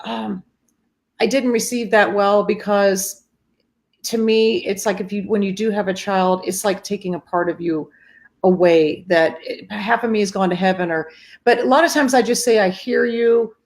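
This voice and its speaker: A woman's voice: mid-range voice, moderate pace. Earnest middle-aged woman hosting. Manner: earnest, speaks directly to viewers. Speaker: host. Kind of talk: casual chat on a live stream.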